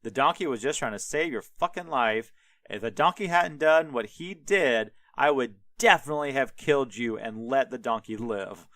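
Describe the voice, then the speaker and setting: A man's voice: medium pitch, lively intonation, moderate pace, fairly bright tone, dry recording. A man voicing an exasperated male angel with a sword who scolds in bro slang. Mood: scolding.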